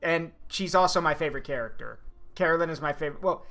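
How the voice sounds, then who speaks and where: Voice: medium pitch, fast talker, fairly bright tone, faint music behind. A streamer explaining a story game's characters in a loose, rambling way, with plenty of fillers. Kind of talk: casual game commentary.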